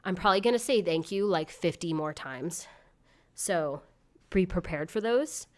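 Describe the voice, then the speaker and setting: Giggly woman streamer, smooth low voice. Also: animated, normal speed. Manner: giggly, rambling, thanking donors. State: sick with covid. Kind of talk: casual live-stream chat.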